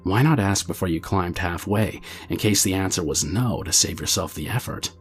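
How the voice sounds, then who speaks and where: A man reading a true scary story aloud as the channel's narrator, in a steady, low-key way. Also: moderate pace, faint music behind.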